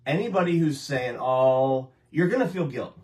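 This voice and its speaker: A man's voice: mid-range voice, animated, normal speed, a little mellow, recorded from a distance. A man cohosting a recovery talk in a casual, earnest way, repeating points to stress them. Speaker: co-host, person in recovery. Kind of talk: casual chat.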